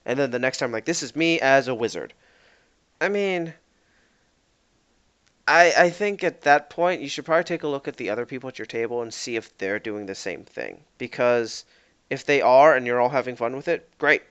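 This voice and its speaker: Male podcast co-host, clear smooth voice, casual rambling chat, muffled lo-fi recording. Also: medium pitch, normal speed, fairly bright tone. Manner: rambling, self-correcting, acts out player quotes. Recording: dull lo-fi podcast mic.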